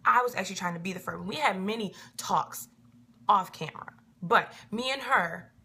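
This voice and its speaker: Woman vlogger talking straight to camera, emphatic and repetitive, with a husky, creaky edge. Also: mid-range voice, normal speed, sharp tone. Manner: emphatic and repetitive, filling gaps with "da da da". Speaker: reality show cast member answering viewers. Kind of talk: casual to-camera vlog.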